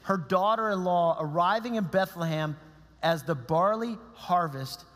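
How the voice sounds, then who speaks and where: A man preaching a sermon as pastor, in a conversational, animated way with quoted asides. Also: sits high, unhurried. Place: church sanctuary. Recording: long reverb of a church hall.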